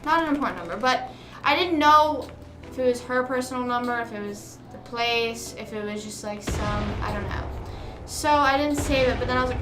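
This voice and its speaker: Streaming live as she games, a young woman with a high-ish voice talks briskly, spinning a rambling, casual story with quoted exchanges. Music plays in the roomy room, and the background is noisy.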